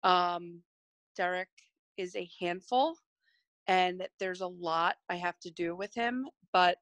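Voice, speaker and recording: A woman's voice: fairly low pitch, takes it slowly, fairly bright tone, no echo. A woman speaking earnestly on a video call to her team, admitting her own excuses and growing tearful. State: near tears. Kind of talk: emotional group call testimony.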